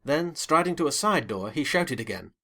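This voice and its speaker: A man reading a classic novel aloud as an audiobook, with a lively, dramatic first-person delivery. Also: a little high, moderate pace. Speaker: audiobook narrator. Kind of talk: expressive audiobook narration.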